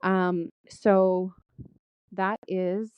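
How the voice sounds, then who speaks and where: A woman's voice: medium pitch, level tone, extremely slow, darkish tone, smooth, no echo, muffled recording. A woman hosting a podcast, earnestly reading out a long, heartfelt list of things she is grateful for. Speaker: podcast host. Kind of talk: spoken gratitude journal, podcast monologue.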